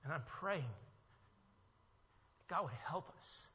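A male pastor preaching a sermon in a church, moving from hushed reflection to emphatic, rising delivery. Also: on the high side, slow pace, husky. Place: church sanctuary. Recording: muffled sound with long hall echo.

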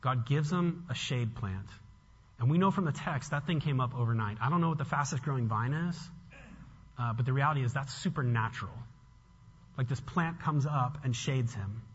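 A man preaching an expository sermon in an animated, conversational way, often restarting his sentences. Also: mid-range voice, moderate pace, slightly rough. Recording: long hall reverb, dull lo-fi sound.

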